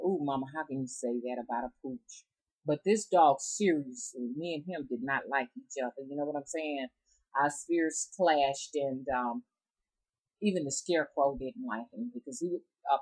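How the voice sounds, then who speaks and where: Low-pitched Southern woman with a drawl; casual, meandering vlog storyteller. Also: husky, low-quality recording. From Southern United States. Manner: rambling, chatty, talks straight to her audience. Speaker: rootworker storyteller.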